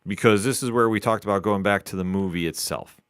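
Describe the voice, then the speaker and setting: Man, deep smooth voice, podcast co-host, steady recap. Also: quick pace, dry recording, studio quality. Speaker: comic book podcast co-host. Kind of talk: casual review chat.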